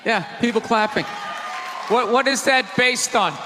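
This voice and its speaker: A man doing a live stand-up set, ranting loudly with lots of profanity in a large theater. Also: very high-pitched, a little slow, background noise. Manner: loud ranting delivery with profanity. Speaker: stand-up comedian. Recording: live theater recording with long reverb and faint crowd.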